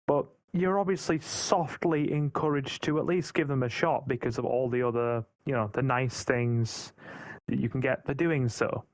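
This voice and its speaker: A man's voice: mid-range voice, no echo. A British man talking casually in a podcast roundtable, rambling and often repeating words as he thinks. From Britain.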